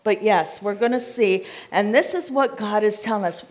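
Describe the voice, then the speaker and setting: A woman's voice: medium pitch, moderate pace, hardly any pauses. An American woman preaching a sermon, reading scripture aloud and checking in with her listeners in a conversational way.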